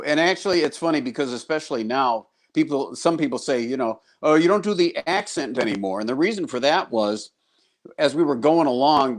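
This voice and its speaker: Older American man, guest TV host, casual, animated anecdotes, video-call sound. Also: mid-range voice. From United States. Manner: chatty, laughs easily, animated when quoting people. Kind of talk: casual interview chat.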